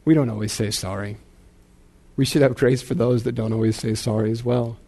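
A man's voice: mid-range voice, steady tone, a little fast, dark tone. A man in his thirties, a pastor, preaching a sermon in a casual, self-deprecating storytelling way with frequent repeated words.

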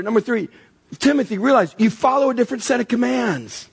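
A man's voice: extremely high pitch, brisk, creaky, slightly rough. A middle-aged man preaching a sermon as pastor, telling stories and acting out voices as he goes. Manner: animated storytelling with acted-out voices.

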